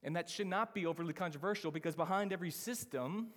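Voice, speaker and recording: A man preaching a sermon as pastor, emphatic, slowing down to stress key phrases. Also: high-pitched, long reverb tail.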